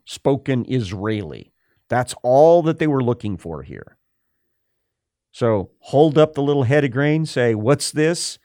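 A man teaching scripture in a measured, unhurried sermon, stopping often to explain. His voice sits at an ordinary pitch and is recorded dry and close, with no room sound around it. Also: darkish tone, no room sound. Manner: slow, deliberate, explanatory, with frequent fillers. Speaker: preacher. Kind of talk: sermon, verse-by-verse Bible teaching.

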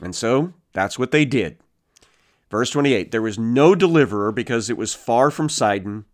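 A man teaching through a Bible passage, reading verses aloud and retelling them in casual, animated everyday speech. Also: medium pitch, moderate pace. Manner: reads verses, then paraphrases casually with animated character voices.

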